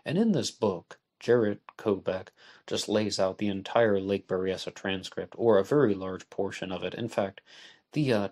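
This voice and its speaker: Man, deep voice, podcast host, deliberate, measured. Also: a little mellow. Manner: measured, deliberate, spells out letters. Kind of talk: solo podcast book discussion.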